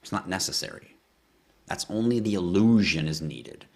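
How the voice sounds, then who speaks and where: A man hosting a livestream, answering chat questions in a ranting style with swearing and sudden bursts of yelling. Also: low voice, lively intonation, normal speed.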